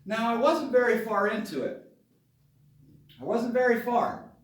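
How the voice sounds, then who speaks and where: A father telling a personal story to his camera in a dramatic, excitable way, with sudden bursts of yelling. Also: extremely high pitch, unhurried. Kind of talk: animated story time on camera. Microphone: camera mic at a distance. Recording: very echoey room, voice far from camera.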